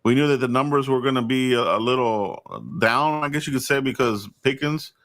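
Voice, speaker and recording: A man's voice: medium pitch, a little fast, a bit bright, no room sound, studio quality. A man co-hosting a sports podcast, talking casually and restarting his sentences often. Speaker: podcast co-host.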